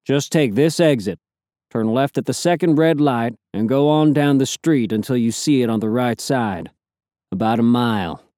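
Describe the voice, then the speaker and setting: A man's voice: medium pitch, moderate pace, warm tone, dry recording, lightly acted. Brief: a man doing a wry male lookout with a mild Southern drawl, dryly in charge, dry close sound.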